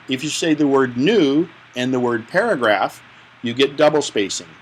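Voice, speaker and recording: A man's voice: medium pitch, expressive, normal speed, a little hiss or hum, low-quality recording. A man teaching a live tech class, explaining step by step in a chatty, joking way. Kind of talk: hands-on tech class instruction.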